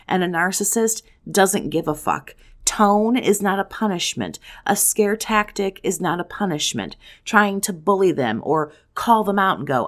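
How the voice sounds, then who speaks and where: A woman's voice: mid-range voice, animated, unhurried, few pauses. A woman hosting a self-help video, giving blunt, profane advice to the camera in strings of rhetorical questions. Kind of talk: direct-to-camera advice talk.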